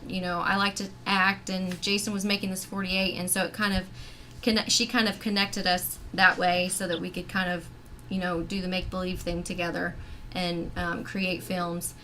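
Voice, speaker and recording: A woman's voice: on the low side, level tone, normal speed, sharp tone, slight background noise. A woman guest on a video call, talking about her acting in a chatty, rambling way full of fillers. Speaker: actress and filmmaker guest. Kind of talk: casual chat.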